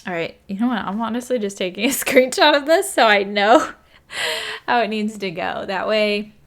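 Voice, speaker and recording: A woman's voice: mid-range voice, moderate pace, a bit bright. Chatty woman thinking aloud over a game. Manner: thinks aloud, counts tiles, apologetic and chatty. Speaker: gaming YouTuber. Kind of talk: casual let's-play commentary.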